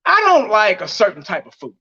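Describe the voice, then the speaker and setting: High, lively-voiced man ranting on a vlog. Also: fairly quick, slightly rough. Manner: blunt, heated, laughs mockingly. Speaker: fan vlogger. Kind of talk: ranting fan commentary vlog. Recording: dull lo-fi audio.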